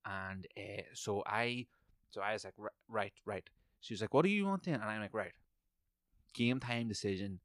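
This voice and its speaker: Guy podcast host going off on a sweary rant, lowish voice, dry sound. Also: steady tone, normal speed, fairly bright tone, dry recording. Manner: sweary, heated, storytelling. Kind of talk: profane ranting monologue.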